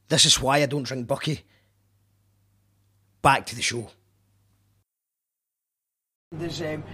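Scottish man, radio host, husky voice, a bit high, rambling apologetic chat. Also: a bit bright. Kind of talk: casual self-deprecating monologue.

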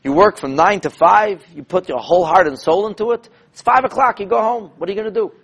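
A man who is a rabbi teaching a class, telling stories in an animated, emphatic way and repeating phrases to drive points home. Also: sits high, fast, gravelly, husky. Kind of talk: lecture with storytelling.

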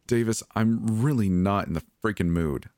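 A man voicing a frightened young woman in a storybook horror reading, high and pleading. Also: normal speed, a little mellow, dry recording, clean studio sound, lightly acted. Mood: terrified.

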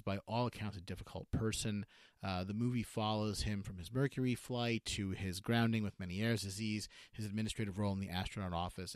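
Low, dry-voiced man reviewing, full of fillers. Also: no echo. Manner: halting, many filler words and self-corrections. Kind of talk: unscripted spoken review.

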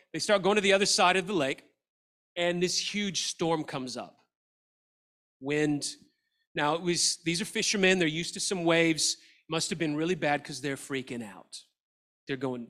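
Man, pastor, lively sermon, high voice, bright tone, acts out characters. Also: normal speed, pauses often. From Australia. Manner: animated, acts out Bible characters' lines. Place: church hall.

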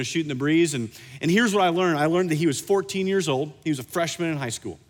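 A man preaching a sermon, telling a personal story in an animated way and slowing down for emphasis. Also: on the high side. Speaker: pastor. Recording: reverberant hall.

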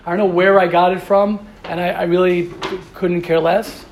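Passionate high-voiced rabbi. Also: male voice, little pitch movement, moderate pace, a little hiss or hum. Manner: passionate, repeats words and restarts often. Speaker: yeshiva rabbi. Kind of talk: informal Torah talk.

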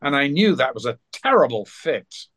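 An older man, an actor being interviewed, telling anecdotes at an unhurried pace and briefly acting out other people's voices. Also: mid-range voice, sing-song, fairly bright tone. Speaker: actor guest. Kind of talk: anecdotal storytelling.

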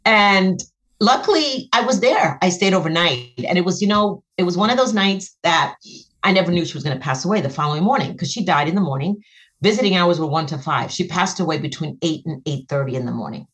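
A middle-aged woman, a guest and author, earnestly telling an emotional personal story, her voice jumping high when she relives moments. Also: lively intonation, fairly quick, fairly bright tone.

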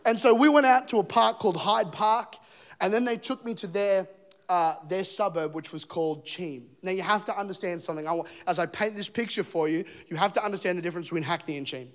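High-voiced joking male preacher. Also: brisk. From England. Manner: animated, joking, acts out scenes and voices. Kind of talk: storytelling sermon with humor. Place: church stage.

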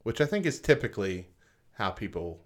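Reading stats aloud during a casual podcast chat, this lower-voiced co-host delivers the numbers in a sing-song way. Frequent "uh" pauses break up the list, and he follows with offhand commentary.

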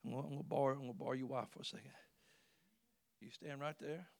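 A man preaching a sermon as pastor. He swings from hushed, intimate talk to loud exclamations and often repeats words. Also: mid-range voice, fairly even intonation, fast, vocal fry, dry recording.

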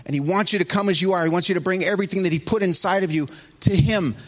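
A middle-aged man preaching a sermon in a somewhat high voice. He tells his story with lots of energy, jumping from loud, excited bursts to quiet, hushed asides. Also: quick pace. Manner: animated storytelling, swinging between loud and hushed. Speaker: pastor.

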